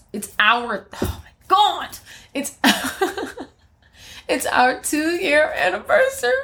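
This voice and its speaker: A young woman hosting her own podcast, chatting casually on her own in a rambling, self-mocking way with frequent laughs. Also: mid-range voice. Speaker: podcast host. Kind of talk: casual solo podcast chat.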